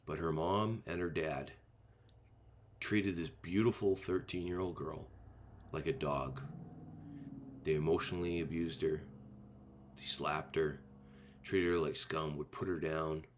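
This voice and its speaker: A male pastor preaching a sermon in an earnest, emphatic way, driving points home with repeated rhetorical phrases. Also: rumbling low.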